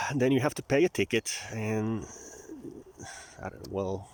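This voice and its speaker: Finnish man, Finnish native, Southern twang English, lowish voice, wry digressive vlog chatter. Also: unhurried. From Finland. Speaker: vlogger. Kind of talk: rambling casual monologue. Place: outdoors near marshland.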